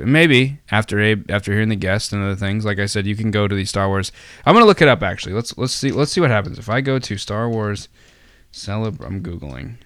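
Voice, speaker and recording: A man's voice: on the low side, fairly bright tone, no room sound, studio quality. A man hosting a casual podcast, rambling with many fillers and restarts and tossing in jokey asides. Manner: jokey, self-deprecating asides. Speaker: podcast host.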